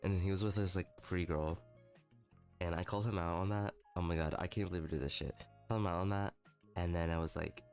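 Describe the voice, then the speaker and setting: A young man with a very low voice chats on his livestream, candid and self-mocking, swearing freely as he tells stories. Soft music plays faintly behind him. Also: steady tone, fast talker. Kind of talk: casual storytelling stream.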